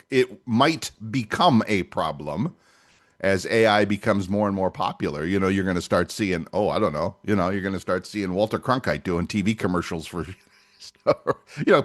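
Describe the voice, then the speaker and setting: A man co-hosting a podcast in casual chat, chatty and agreeable, often backing up his co-host. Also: on the low side.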